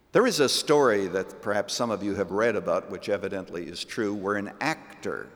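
A man preaching a sermon and leading a closing prayer in a large church, earnest and measured with dramatic pauses. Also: lowish voice, lively intonation. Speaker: pastor. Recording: church sanctuary with long reverb.

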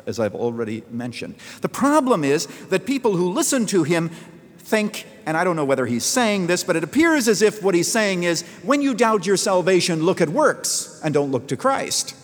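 Earnest preacher man in a reverberant hall. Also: fairly high pitch. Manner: earnest, storytelling preacher, rising emphasis on key phrases. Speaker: pastor. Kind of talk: sermon.

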